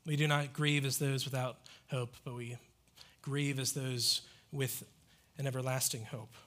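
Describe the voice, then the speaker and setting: A man's voice: medium pitch, little pitch movement, a little slow, a bit bright. A man preaching a sermon in an earnest, emphatic way, asking rhetorical questions and answering them. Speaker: pastor.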